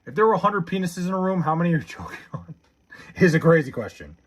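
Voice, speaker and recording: Husky, animated young man streamer. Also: a little high, quick pace. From Long Island, New York. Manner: blunt and profane, half-laughing. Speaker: live streamer. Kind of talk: casual live stream chat, reading viewer comments aloud.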